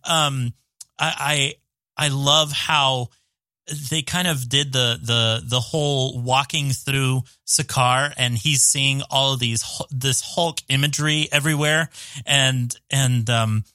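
Bright-voiced man, halting and enthusiastic. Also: medium pitch, steady tone, clear, resonant tone, dry recording. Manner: halting, repeats words, enthusiastic. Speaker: podcast guest. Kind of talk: casual film review chat.

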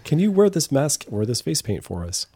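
A man hosting an interview, asking curious follow-up questions in a relaxed, casual way. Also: mid-range voice, normal speed, breathy edge. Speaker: podcast host.

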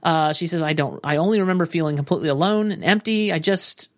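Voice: medium pitch, fast, no room sound, clean studio sound. A co-host in a casual TV recap chat, musing aloud, hedging often and trailing off.

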